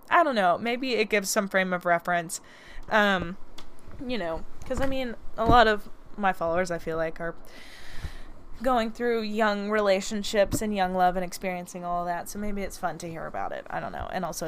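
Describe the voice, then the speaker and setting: A woman's voice: mid-range voice, a bit bright, a little hiss or hum. A young woman hosting a podcast with a slight lisp from a retainer, telling stories in a chatty, rambling way and laughing often. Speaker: podcast host. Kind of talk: casual storytelling.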